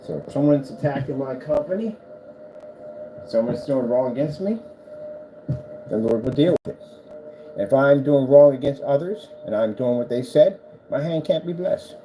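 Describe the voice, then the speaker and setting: Speaking from a workshop cluttered with boxes and a desk, this projector screen business owner rambles through a casual vlog, first preaching about his faith, then playfully cooing at his cat. The man's voice sits mid-range and sounds mellow and animated, with a moderate pace and many pauses. Background noise fills the room.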